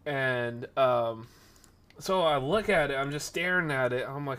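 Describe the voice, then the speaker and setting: A man casually telling a rambling workplace story, animated and acting out the voices of the people in it. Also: medium pitch, normal speed.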